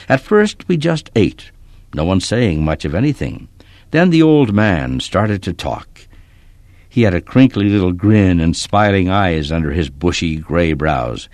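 A man reads a story aloud in a steady, expressive storytelling voice. His tone is very deep yet moves with lively rises and falls, and the recording is dry and close, with no room sound. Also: no echo. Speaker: narrator. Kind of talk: storybook narration.

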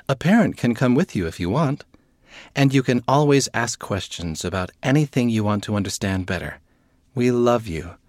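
A man giving a steady, reassuring scripted reading of a magazine answer column. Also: lowish voice, no room sound, studio quality.

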